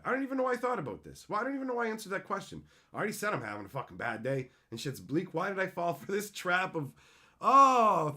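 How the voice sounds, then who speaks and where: Bright, animated male streamer. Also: sits high. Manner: ranting, frustrated, swears a lot; reads out chat messages. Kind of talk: live stream chat.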